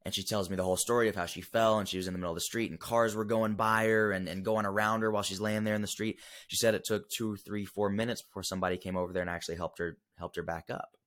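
A young man with a very low, deep voice tells a personal story as a podcast guest. He talks earnestly and emotionally, with plenty of fillers and restarts. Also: fairly even intonation, quick pace, hardly any pauses, fairly bright tone. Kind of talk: casual storytelling interview.

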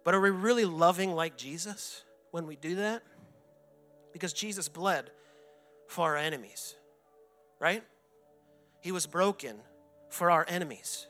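A man in his forties preaches in a church sanctuary, telling his own story with earnest conviction. His voice sits high for a man and rings bright. Soft music plays underneath. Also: measured pace, pauses often. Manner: earnest personal testimony, reenacts his own anguished shouting prayers. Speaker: pastor. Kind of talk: sermon.

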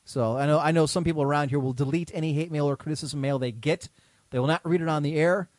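A man's voice: on the high side, quick pace, darkish tone, no room sound. Wisecracking male talk-show host. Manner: wisecracking, reads listener mail. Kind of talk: casual podcast chat.

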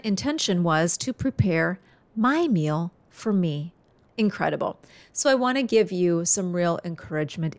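A woman hosting a podcast, talking earnestly and encouragingly to her listeners as if to a friend. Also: mid-range voice. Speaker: podcast host. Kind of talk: heartfelt podcast monologue.

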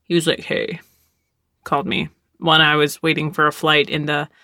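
A script supervisor and writer chatting on a podcast, telling lively stories and acting out quotes. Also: medium pitch, a little fast, no room sound, clean studio sound. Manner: lively storyteller, acts out quotes, laughs often. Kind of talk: casual podcast chat. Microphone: close studio mic.

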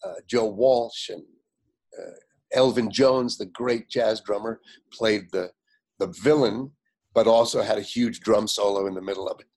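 An older man, a guest, telling anecdotes in an animated way, acting out other people's lines and often laughing. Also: on the low side, unhurried. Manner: animated storyteller, quotes others in lively voices, frequent fillers and laughs. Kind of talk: anecdotal storytelling.

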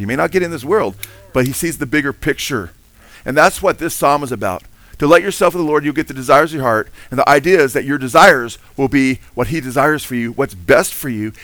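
A middle-aged man preaches a sermon as the pastor, pitching his voice a little high and letting it climb sharply whenever he stresses a point. He throws questions and "amen?" out to the congregation. The sound is dry and close, with little room in it. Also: no echo. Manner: animated preaching, rising to emphatic highs, call-and-response "amen?".

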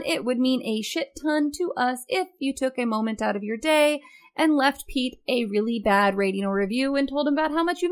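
Woman co-host, playful and teasing, voice sits a bit high, quick to laugh. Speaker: podcast co-host. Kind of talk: casual chat on a live-streamed podcast.

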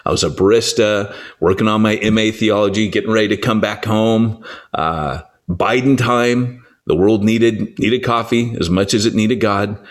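A low-voiced man, a church planting author, teaching in a relaxed conversational way. He tells stories with lively energy, slips into quick acted-out voices and restarts his sentences often. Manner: animated storyteller, acts out quoted voices, frequent restarts.

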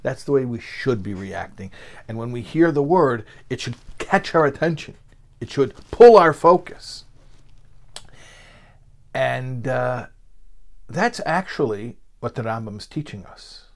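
A man's voice: mid-range voice, animated, normal speed, gravelly. Guy teaching a torah class, chatty, lots of you-knows, ordinary mid voice. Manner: conversational, with many fillers and restarts. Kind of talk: spoken lecture.

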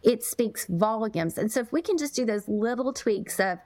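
A woman's voice: a little high, expressive, normal speed, few pauses, darkish tone, dry recording. A woman guest in a podcast interview, talking earnestly and with emphasis, sometimes repeating her words. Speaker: podcast guest, parenting coach. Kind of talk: conversational interview.

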